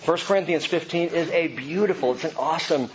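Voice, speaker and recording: A man with a somewhat high voice preaches to his congregation in a church. He moves his voice from hushed lows to excited highs and lends voices to the people in his examples. The recording is a little dull, with faint room noise underneath. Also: a little fast. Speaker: pastor. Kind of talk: sermon.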